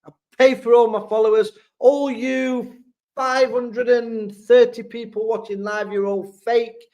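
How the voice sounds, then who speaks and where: A man's voice: extremely high pitch, flat delivery, a little slow, darkish tone, highs cut off. A man with a Sheffield accent hosting a live fan stream, reading out viewer comments and answering them in a blunt, chatty way. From England. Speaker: fan channel host.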